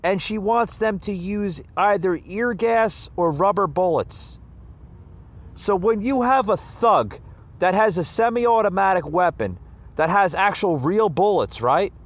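Man, fired-up political rant, fumbling over words, slightly high voice, muffled sound. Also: lively intonation, measured pace. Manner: heated, stumbling, frequent fillers. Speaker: podcast host. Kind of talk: ranting commentary. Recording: dull lo-fi sound.

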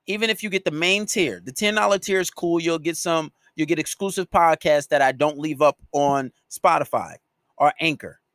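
A man's voice: a little high, normal speed, a bit bright, no room sound, studio quality. A man hosting a solo podcast, ranting at his listeners in a scolding, profanity-heavy way. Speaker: podcast host and dating coach.

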